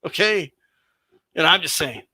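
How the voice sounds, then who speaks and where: A man hosting a casual boxing chat stream, animated and slangy, swearing and laughing as he talks. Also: on the high side, measured pace, breathy edge, no room sound. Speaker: host.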